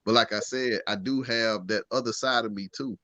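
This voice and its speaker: A man's voice: fairly low pitch, steady tone, normal speed, bright, forceful tone, no room sound. A man in his late thirties who works as a school gym teacher, talking casually on a podcast in a laid-back storytelling way with frequent asides.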